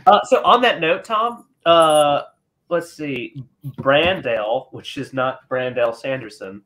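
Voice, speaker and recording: A man's voice: on the high side, takes it slowly, fairly bright tone. Rambling, cursing male podcast host. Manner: rambling, swears, loses his train of thought. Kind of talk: casual podcast chat.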